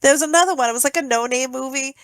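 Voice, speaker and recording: A woman co-hosting a podcast, telling stories in a casual, animated, profane way. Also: high-pitched, rapid-fire, no echo. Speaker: podcast co-host.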